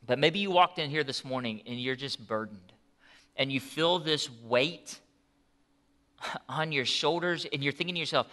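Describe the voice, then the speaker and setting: A man preaching a sermon as pastor, telling the story in an animated, conversational way with asides. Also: on the high side, measured pace.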